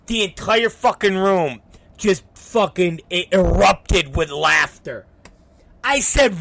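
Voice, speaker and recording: A man hosting a talk show, telling a story in a casual, profane, animated way. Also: high-pitched, slow, vocal fry, no echo. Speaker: show host.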